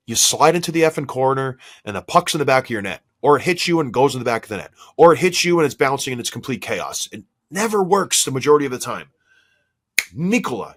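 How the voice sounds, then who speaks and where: Hoarse, worked-up man breaking down hockey. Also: mid-range voice, lively intonation, fast. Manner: worked up, exasperated, rhetorical questions. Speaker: hockey podcast co-host. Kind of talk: heated sports analysis chat.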